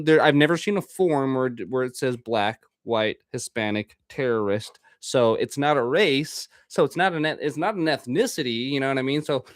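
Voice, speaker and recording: A man's voice: medium pitch, no echo. Profane rambling man, dry close sound. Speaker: podcast host. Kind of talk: casual monologue.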